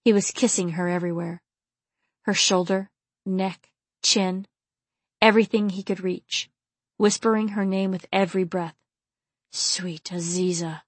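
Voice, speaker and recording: A woman narrating an erotic romance novel in a soft, low, intimate reading. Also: dry recording. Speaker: audiobook narrator.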